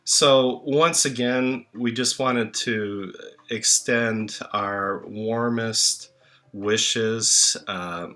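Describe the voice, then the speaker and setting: A man speaking a memorial tribute, slow and halting with many filler pauses, songs playing in the background. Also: fairly low pitch. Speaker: channel host reading tributes. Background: soft music.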